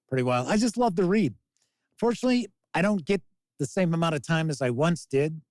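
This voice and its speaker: A man's voice: fairly high pitch, darkish tone, no echo. A man in his fifties, hosting a casual live-stream chat, rambling and reading out viewer comments. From American. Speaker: podcast host reading chat.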